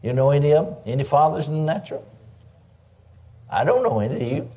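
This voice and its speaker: Older guy preaching, folksy and lively, kinda high pitched but mellow sounding. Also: quick pace. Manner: folksy, animated preaching with frequent "praise God" asides. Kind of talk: sermon.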